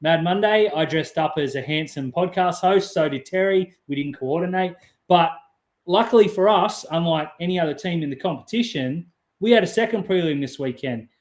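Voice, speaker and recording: A man's voice: on the high side, moderate pace, roomy sound. A man co-hosting a sports podcast over a remote call, upbeat and joking. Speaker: podcast co-host. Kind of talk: casual sports chat.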